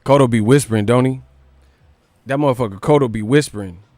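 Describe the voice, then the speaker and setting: A man hosting a boxing news livestream, ranting casually with profanity and rapid rhetorical questions. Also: mid-range voice, darkish tone, dry recording.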